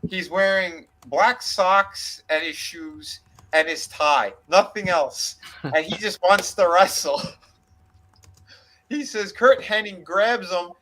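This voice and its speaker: A man's voice: sits high, takes it slowly, sharp tone, low-quality recording. A man casually retelling a backstage story on a wrestling discussion podcast, swearing freely and slipping into quoted voices. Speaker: podcast co-host.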